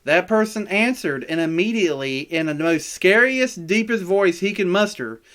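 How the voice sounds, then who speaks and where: A man's voice: high-pitched, expressive, moderate pace, fairly bright tone. A man co-hosting a podcast, telling rambling stories in casual chat, stumbling over his words and swearing often. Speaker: podcast co-host.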